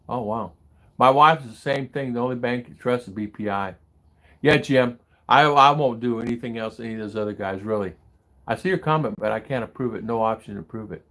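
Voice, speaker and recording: A man's voice: medium pitch, a little fast, fairly bright tone. An older American man hosting a casual livestream from the Philippines, talking in a rambling way that turns heated and indignant as he reads out viewer comments. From United States. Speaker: livestream host reading chat. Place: home in the Philippines.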